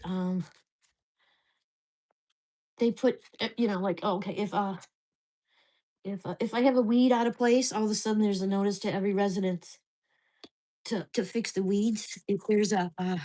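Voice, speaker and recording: A woman's voice: medium pitch, steady tone, normal speed, pauses often, dark tone. A woman in her sixties, venting to camera at home in an agitated, swearing rant. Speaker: vlogger. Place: at home in a mobile home park.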